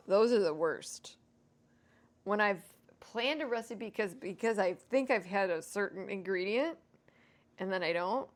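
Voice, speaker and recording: A woman's voice: medium pitch, lively intonation, unhurried. A woman hosting a home cooking vlog, chatting casually and self-deprecatingly to viewers as she cooks. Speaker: home cooking show host.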